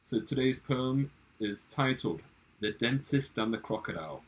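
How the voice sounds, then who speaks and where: A man's voice: medium pitch, expressive, moderate pace, breathy edge, poor audio. A male drama teacher giving instructions in a recorded online lesson, friendly and instructive with frequent restarts.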